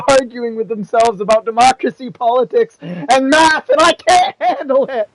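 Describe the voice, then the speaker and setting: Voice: mid-range voice, moderate pace, hardly any pauses, poor audio. A young adult chatting while gaming, giggling through a theatrical mock-despairing rant. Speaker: gaming channel co-host. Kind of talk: casual chat while gaming.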